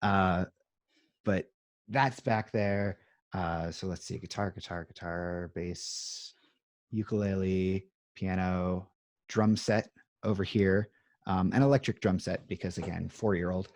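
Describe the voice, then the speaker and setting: A low-voiced man in his thirties talks over a video call from his home music room. He rambles in a self-deprecating way, with lots of ums and uhs. The sound is dry and close. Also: steady tone, slow, darkish tone, no echo. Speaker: interview guest. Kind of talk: casual chat.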